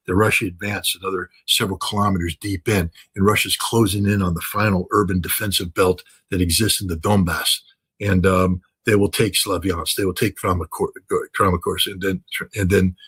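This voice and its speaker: Emphatic older man, husky low voice. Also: fairly bright tone, rough recording. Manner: emphatic, repetitive, with frequent fillers and restarts. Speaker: commentator. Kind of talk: impassioned commentary.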